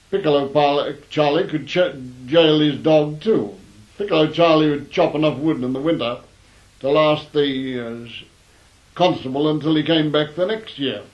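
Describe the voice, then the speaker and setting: A man telling old anecdotes in a wry, rambling way, in a dull lo-fi recording. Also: a little high. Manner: wry, rambling, with fillers and restarts. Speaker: storyteller. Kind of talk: anecdotal storytelling.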